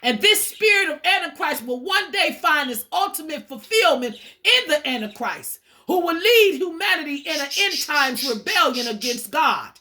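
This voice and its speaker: A woman's voice: sits high, sing-song, normal speed, hardly any pauses, bright, forceful tone. A woman giving an informal sermon-style talk, emphatic and repetitive, casually swearing and calling her listeners "y'all". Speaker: spiritual teacher.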